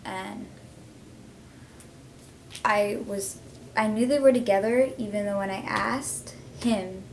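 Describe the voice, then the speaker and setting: A woman's voice: mid-range voice, gravelly, a little mellow, slight background noise, rough recording. A teenage girl vlogging casually and heartfelt, rambling with lots of fillers as she talks. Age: teens. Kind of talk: casual confessional vlog.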